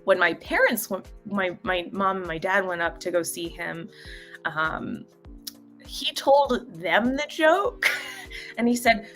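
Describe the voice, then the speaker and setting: A woman hosts a relaxed live stream with a bright, clear-toned voice. She talks in a halting, unscripted way, full of fillers and little laughs. Faint music plays softly behind her. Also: medium pitch. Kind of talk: casual live-stream chat, greeting viewers.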